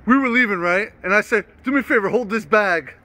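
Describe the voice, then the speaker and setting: A man's voice: high-pitched, fast, sharp tone. A man co-hosting a record store vlog, joking, teasing and swearing in casual banter.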